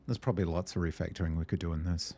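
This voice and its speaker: A man hosts a gameplay video, muttering and thinking aloud while he tackles a puzzle game, sounding hesitant yet quick to get excited. His voice sits low and he talks very fast, with a slight amount of background noise.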